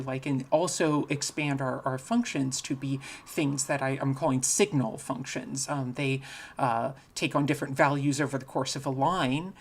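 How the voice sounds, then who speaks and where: A speaker giving a recorded virtual conference talk, explaining casually and thinking aloud with frequent restarts. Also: medium pitch. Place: home, recorded remotely.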